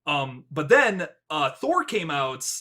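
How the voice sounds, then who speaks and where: A man's voice: on the high side, sing-song, takes it slowly, pushed and bright. A man hosting a casual movie review podcast, rambling, laughing often and wandering into tangents. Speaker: podcast host.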